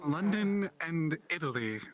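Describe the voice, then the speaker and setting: A man from Hawaii in casual chat, telling stories in an animated way. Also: fairly high pitch, measured pace, dull audio.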